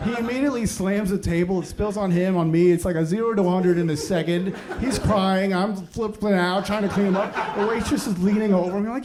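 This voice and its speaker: A middle-aged man doing a stand-up routine about parenting, ranting in an exasperated way and breaking into shouted outbursts. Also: sits high, fairly even intonation, brisk, hardly any pauses. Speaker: stand-up comedian. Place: comedy stage before a laughing audience. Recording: live stage set with loud audience noise.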